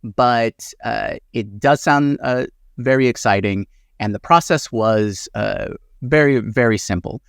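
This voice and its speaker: A man co-hosting a casual news talk show, speaking hesitantly and pausing often. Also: mid-range voice, vocal fry, smooth, dry recording, clean studio sound. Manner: hesitant, many fillers. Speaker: co-host. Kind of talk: casual chat.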